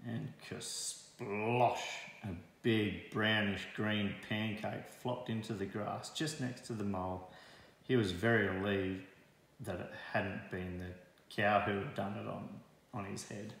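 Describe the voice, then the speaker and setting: A man reading a children's story aloud in a lively, expressive way. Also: on the low side, unhurried, creaky. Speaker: storybook reader. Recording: very echoey room.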